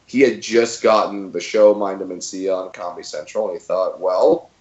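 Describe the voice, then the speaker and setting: A man in his thirties, a comedian telling stories as a guest in a casual interview, relaxed with lots of fillers and restarts. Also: deep voice, moderate pace, echoey room, highs cut off.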